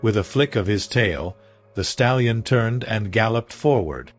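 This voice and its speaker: A man narrating a dramatic story in a slow, scripted storytelling manner. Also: lowish voice, expressive, faint music behind.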